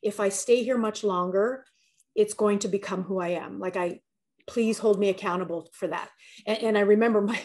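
A woman's voice: medium pitch, steady tone, a little fast, a little mellow. A woman coach talking as a podcast guest, telling personal stories in an earnest, candid way and often repeating words as she thinks aloud. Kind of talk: candid conversational storytelling.

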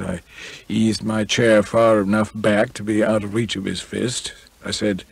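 Gravelly low-voiced male audiobook reader. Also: fairly even intonation, no room sound. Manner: measured, dry, understated. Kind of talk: first-person novel narration.

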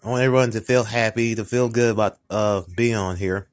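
A tired, upset man talking casually to camera in a vlog, halting and repetitive, often restarting his sentences. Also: fairly low pitch, fairly even intonation. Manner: upset, ranting tone. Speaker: vlogger. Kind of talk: casual mukbang vlog talk.

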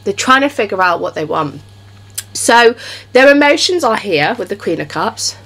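A woman gives a casual tarot reading to camera, chatty and reassuring, often checking in with "okay?" and repeating "you know." Her medium-pitched voice is sing-song and fairly bright, at a normal speed.

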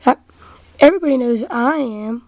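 Woman reading as a bragging male train engine, high and mellow, slow. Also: no echo, dull audio, natural voice. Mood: boastful. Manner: bragging, blustering. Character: boastful proud male steam engine.

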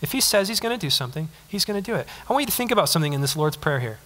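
A young man preaching a casual, conversational sermon, animated, acting out little quotes. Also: a little high, rapid-fire, big-room sound. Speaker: pastor. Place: church sanctuary.

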